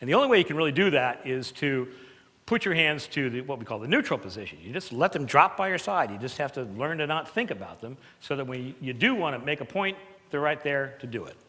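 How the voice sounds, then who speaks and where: A man with a mid-pitched voice runs a live seminar on presentation skills, emphatic and conversational with playful asides. His tone is bright and forceful, a little fast, with big pitch swings. A long reverb makes it sound like a large hall.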